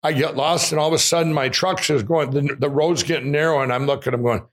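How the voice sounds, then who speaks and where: An excitable man telling a rambling personal story as an interview guest, often laughing while he talks. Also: fairly high pitch, quick pace. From Minnesota. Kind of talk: animated storytelling.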